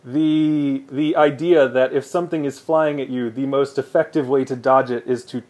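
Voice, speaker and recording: A man co-hosting a casual movie podcast, speaking in a relaxed, wry way and laughing easily. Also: mid-range voice, moderate pace. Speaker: podcast co-host.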